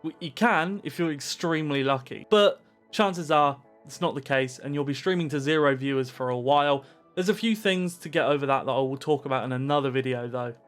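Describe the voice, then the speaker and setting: A man giving streaming advice straight to camera with pumped-up, animated energy. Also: mid-range voice, brisk, soft background music.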